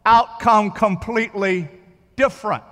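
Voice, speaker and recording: High-voiced man preaching in an echoing church. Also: a little slow, sharp tone. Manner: conversational, repeats words and checks in with listeners. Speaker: pastor. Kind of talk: sermon.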